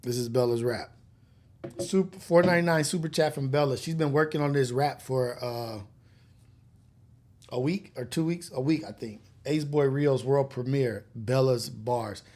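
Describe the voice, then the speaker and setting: A man's voice: mid-range voice, normal speed, long pauses, darkish tone. Profane, laid-back male stream host. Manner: loose, profane, laughs often. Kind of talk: casual live-stream chat.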